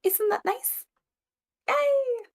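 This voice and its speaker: A woman voicing a bubbly adventurer in a tabletop game, excitable and chirpy. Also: extremely high pitch, drawn-out words, full character voice. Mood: cheerful. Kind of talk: tabletop role-play.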